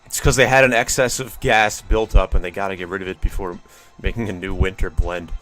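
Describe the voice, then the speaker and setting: A man's voice: sits low, fairly even intonation, fairly quick, fairly bright tone, soft background music. A man streaming a video game, rambling wryly and swearing casually as he chats with viewers. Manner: rambling, profane, wry musing to chat. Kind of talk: casual gameplay commentary.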